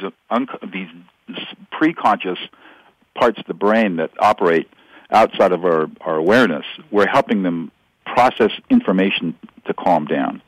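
Low-voiced man explaining with animation. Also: husky, dry recording, low-quality recording. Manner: animated, explanatory, acts out example dialogue. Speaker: guest expert. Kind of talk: conversational interview.

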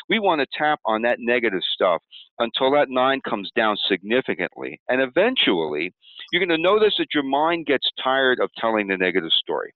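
Man, tapping instructor, calm explanatory walkthrough, lively pitch, tinny dry phone-like sound. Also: normal speed, dry recording. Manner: calm, explanatory, acts out upset self-talk while tapping. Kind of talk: demonstration walkthrough.

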